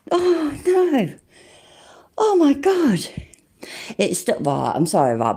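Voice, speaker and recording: A woman in her forties chatting casually on a livestream, reading chat out, swearing a lot and exclaiming loudly. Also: medium pitch, slightly rough. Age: 40s. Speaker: livestream host.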